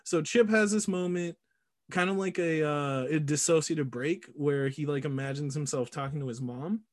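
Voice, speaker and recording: Guy on a movie podcast, kinda high voice, rambling plot recap w lots of ums. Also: normal speed. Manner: animated, laughing, recounting plot with filler words. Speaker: podcast co-host. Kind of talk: casual movie recap chat.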